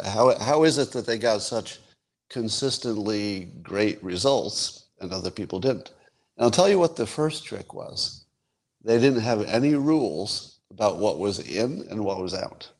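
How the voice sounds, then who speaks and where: A man in his sixties hosting his own podcast, musing wryly in casual solo commentary with chuckles and sudden jumps in pitch for emphasis. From United States. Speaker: podcast host.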